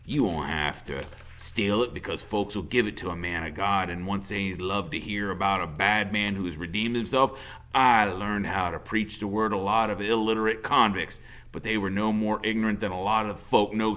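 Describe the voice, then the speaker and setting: A man voicing a cold, volatile convict father who drawls low and then barks loud threats. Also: moderate pace. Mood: menacing.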